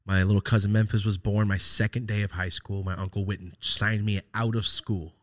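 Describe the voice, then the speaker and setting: A man's voice: on the low side, little pitch movement, a little fast. A man hosting a podcast, telling a personal story in a loose, profane, reflective way, with many fillers and restarts. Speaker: podcast host. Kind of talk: casual storytelling chat.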